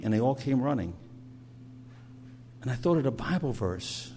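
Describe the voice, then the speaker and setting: Middle-aged man preaching a sermon in a loose, storytelling manner, stumbling over and repeating words as he talks. His voice sits at an ordinary mid pitch. A faint hum runs underneath. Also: expressive, moderate pace, vocal fry, darkish tone. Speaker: pastor.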